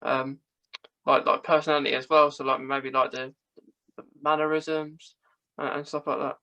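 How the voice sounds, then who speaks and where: A man's voice: medium pitch, flat delivery, normal speed, bright, forceful tone, lo-fi sound. A man speaking as a podcast guest in casual chat, hesitant and full of fillers and restarts.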